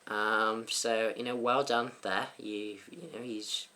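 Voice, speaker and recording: A man's voice: on the low side, fairly even intonation, takes it slowly, pushed and bright. A young man in casual comedic commentary, dry and self-mocking, hesitant with many fillers. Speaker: YouTube host reading troll comments.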